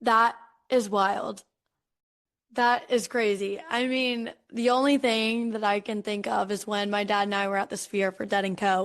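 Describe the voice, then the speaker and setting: A young woman with a lilt, hosting a relaxed podcast conversation. Her voice sits a little high, and she tells stories in a chatty, animated way, full of filler words. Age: young adult. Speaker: podcast host. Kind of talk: casual conversational interview.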